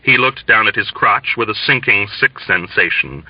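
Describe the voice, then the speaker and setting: A man reading a novel aloud in a measured, plain narrating voice. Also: lowish voice, animated, no echo. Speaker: audiobook reader. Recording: dull lo-fi, dry.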